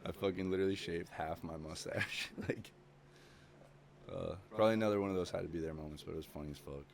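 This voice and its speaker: Low-voiced young man swearing casually. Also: fast, creaky. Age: young adult. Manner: swears constantly, rambling with many fillers. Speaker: podcast guest. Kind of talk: casual chat.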